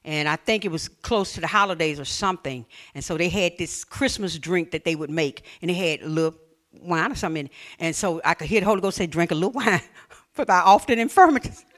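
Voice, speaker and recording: Bright-voiced Southern woman preaching. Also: sits low, quick pace. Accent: Southern US, Alabama. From Mobile, Alabama. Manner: folksy, humorous storytelling with sudden shifts between loud and hushed. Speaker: pastor. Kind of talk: sermon.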